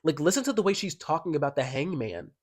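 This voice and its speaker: A man talks through an album in a casual vlog. He sounds sassy and slangy and leans hard on his points, and his voice sits a little high for a man. Now and then he reads a song lyric aloud. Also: sing-song, fast. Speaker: music commentator.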